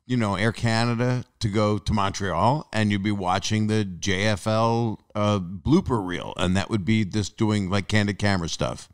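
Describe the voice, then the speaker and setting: A man hosting a casual chat, breaking in with quick questions and wry asides. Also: fairly low pitch, smooth. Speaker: podcast host.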